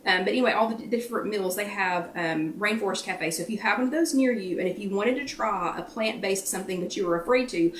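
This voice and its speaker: A woman's voice: medium pitch, fast, few pauses, a little hiss or hum. A middle-aged woman chats casually on a live stream, greeting viewers by name in between her own stories. Her voice sits in a middle register. She speaks from some distance off the mic, in a room with an echo. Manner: chatty, greets viewers by name mid-sentence. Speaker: host of a live weekly wellness chat. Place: at home.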